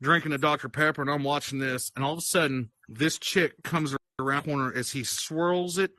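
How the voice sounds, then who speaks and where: A man casually telling a wild party story in an animated, profane way, often laughing as he goes. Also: a little high, fairly quick, no room sound, clean studio sound. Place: virtual-world chat session.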